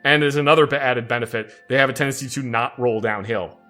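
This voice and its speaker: A man from the United States with a bright, forward voice at an ordinary middle pitch, co-hosting a game playthrough. He explains at length in casual chat, full of fillers and restarts. Faint music sits behind him. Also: fast.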